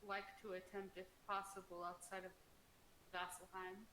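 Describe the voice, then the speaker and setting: A woman playing in a casual tabletop game, chatty and quick to laugh. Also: mid-range voice, flat delivery, low-quality recording. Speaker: player. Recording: loud background noise.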